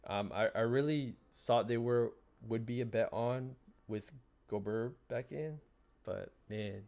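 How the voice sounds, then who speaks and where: A man's voice: lowish voice, gravelly, darkish tone. A man hosting a casual sports betting livestream, stammering and repeating words as he talks picks and reads the chat.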